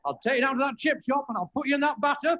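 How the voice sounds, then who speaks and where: Cheeky high-pitched comic man. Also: expressive, racing, a bit bright, lo-fi sound, a little hiss or hum. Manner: cheeky, daft interrupting clowning. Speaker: comic performer in a variety sketch. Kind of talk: broadcast variety comedy.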